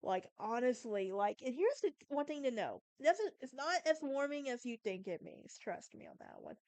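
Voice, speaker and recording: Southern woman with a sassy, emphatic delivery, high voice, dry close sound. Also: sing-song, normal speed, a little mellow, no room sound. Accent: Southern American. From Southern United States. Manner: sassy, emphatic, talks straight to the listener. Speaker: podcast host. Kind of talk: casual monologue.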